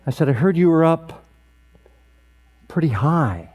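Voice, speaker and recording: Man, sixties, emcee, deadpan comic storyteller, slightly high voice. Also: a little slow. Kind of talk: comic storytelling at an awards event.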